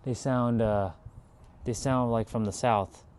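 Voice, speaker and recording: A man talks casually to his livestream from outside in a yard, at an ordinary middle pitch. His talk is chatty and rambling, drifting from thought to thought with an encouraging tone. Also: fairly even intonation, takes it slowly, a little mellow, slight background noise.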